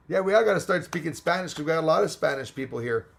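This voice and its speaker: Reading viewers' names and greetings aloud on a laid-back livestream, a man drifts among English, French, and Spanish. His slightly high voice is going hoarse and gravelly as it gives out.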